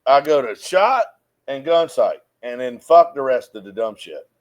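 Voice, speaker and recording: A middle-aged man trading crude, deadpan jokes as co-host in a casual podcast chat. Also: medium pitch, normal speed.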